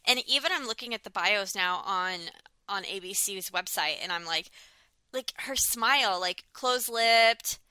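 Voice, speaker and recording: A woman's voice: medium pitch, measured pace, pushed and bright, smooth, no room sound. A woman in her thirties co-hosting a podcast, chatting casually with lots of filler words and restarts. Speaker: podcast co-host. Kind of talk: casual chat reviewing a dating show.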